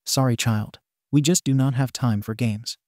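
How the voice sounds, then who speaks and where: A man's voice: medium pitch, steady tone, normal speed, darkish tone, dry recording, clean studio sound, natural voice. A man voicing a formal, patronizing male magician villain in a story reading.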